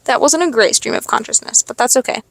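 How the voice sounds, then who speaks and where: A high school senior girl in her late teens, rambling casually in a stream-of-consciousness monologue, swearing freely and second-guessing herself. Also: fast talker. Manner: rambling, swearing, self-questioning. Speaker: podcast host.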